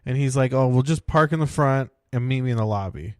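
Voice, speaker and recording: Man, podcast co-host, rambling storyteller, mid pitch, dry sound. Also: a little fast, clear, resonant tone, no echo. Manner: rambling, many "like" and "right?" fillers. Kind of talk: casual storytelling.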